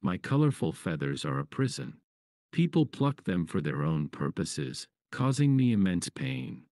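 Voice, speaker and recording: A majestic peacock in a storybook fable speaks thoughtfully and ruefully about his suffering, as a man puts him on. The voice is very low, with a wide pitch range and a dry, close sound. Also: big pitch swings, measured pace, creaky, a little mellow, no echo, full character voice.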